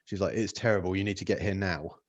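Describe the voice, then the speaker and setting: A man's voice: sits low, steady tone, fast, no echo. A man in his thirties co-hosting a casual podcast over a video call, swearing freely and acting out exchanges with his kids. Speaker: podcast co-host. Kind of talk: casual chat. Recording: dull, dry video call audio.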